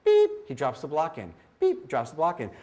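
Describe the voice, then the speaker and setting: Fast-talking and medium in pitch, this middle-aged man runs a training presentation about screening children's hearing. He animates his stories by playing the children's parts and sounding out the beeps.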